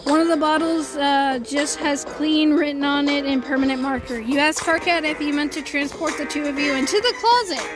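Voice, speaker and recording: A woman's voice: high voice, moderate pace, hardly any pauses, poor audio. A woman streamer reading a visual novel aloud live, in a casual tone with amused asides. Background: game music.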